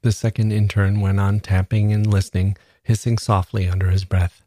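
A man reading literary fiction aloud as narrator, in a measured, unhurried manner. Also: on the low side, level tone, warm tone, no room sound.

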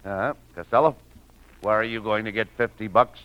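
A man playing the straight man in a comedy sketch, talking briskly and bossily. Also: on the low side, smooth. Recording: muffled old recording with loud hiss.

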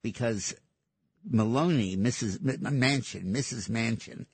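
A man's voice: medium pitch, a little slow, breathy edge, no room sound. A man hosting political talk radio, speaking in an emphatic, sardonic way. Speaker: radio talk show host.

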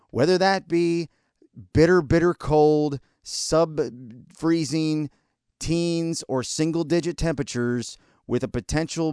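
An American man hosting a podcast, ranting sarcastically and scolding his listeners, at times in a mock calm, soothing voice. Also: on the high side, smooth, no echo, clean studio sound. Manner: sarcastic, scolding and exasperated, hurling insults; mock calm and soothing delivery that breaks into outbursts. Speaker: podcast host. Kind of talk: ranting opinion segment.

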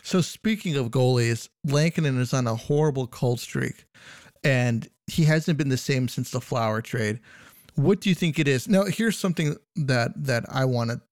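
A man's voice: medium pitch, normal speed, no room sound, studio quality. A man co-hosting a casual podcast, easygoing and leaning on filler phrases. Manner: easygoing, many "you know" fillers. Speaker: podcast co-host. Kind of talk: casual hockey podcast chat.

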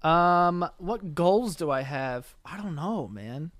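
A man's voice: a little high, expressive, slow pace, fairly bright tone, no room sound. A young man co-hosting a podcast in a laid-back way, swearing casually and laughing often. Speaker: podcast co-host. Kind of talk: casual chat.

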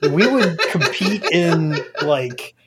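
Guy on a podcast riffing goofy ideas, talks slow, bit of noise, lively pitch. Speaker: podcast co-host. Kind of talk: casual chat.

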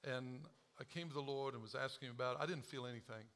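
A man preaching a sermon as pastor, joking at himself and moving from quiet confession to loud urging. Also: mid-range voice, clean tone. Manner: animated, self-deprecating humor, swings from quiet confession to shouting; quotes scripture slowly.

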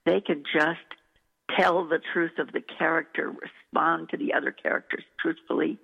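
A woman dialect coach tells stories in an interview, effusive and enthusiastic, at normal speed. Her low voice is creaky and husky with fairly even intonation, captured on an echoey, tinny, phone-like recording.

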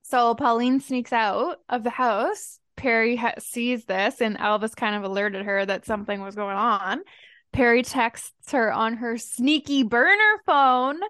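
A woman with a fairly high voice chats on a book club podcast, reacting eagerly and chiming in with quick agreement. Her voice sits close and dry, with no echo around it. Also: a bit bright. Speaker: podcast co-host. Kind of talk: casual book club chat.

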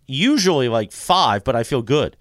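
Radio cohost guy, all over the place with his pitch, dry studio mic. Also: normal speed, no room sound. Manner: animated, rambling storyteller. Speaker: radio show co-host. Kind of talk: casual sports radio banter. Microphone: studio microphone.

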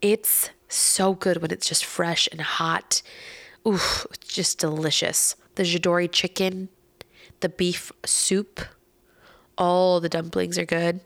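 A woman telling a story in casual podcast chat. She is animated, laughs often and acts out the voices of people she quotes. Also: on the low side, unhurried, gravelly.

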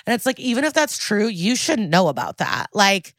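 A woman's voice: medium pitch, fairly quick, few pauses, no echo, studio quality. A woman co-hosting a podcast, recapping a TV episode in casual chat, acting out the characters' lines and swearing freely as she comments. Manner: animated, acts out characters' lines.

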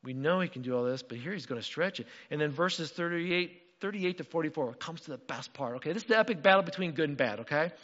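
A man preaching a sermon as pastor, animated and acting out the voices in the story. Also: on the high side, fast, hardly any pauses, long reverb tail, lo-fi sound. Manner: animated, acts out quotes.

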